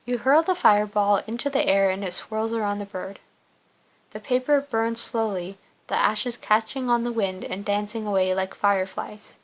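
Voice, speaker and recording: A woman's voice: medium pitch, normal speed, low-quality recording. A woman reading the narration of an interactive story game aloud, plainly and casually, with small slips.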